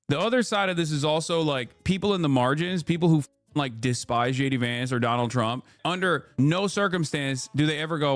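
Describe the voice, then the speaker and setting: A man's voice: fairly high pitch, a little fast, dry recording. A man giving heated, incredulous commentary on political clips. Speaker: political streamer reacting to clips. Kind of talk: casual commentary.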